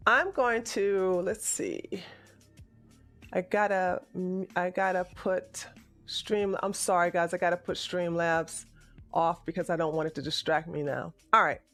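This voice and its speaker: A man's voice: sits high, sharp tone. A political livestream host talking through an argument on his show in an emotional, stammering way that keeps correcting itself. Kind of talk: livestream commentary.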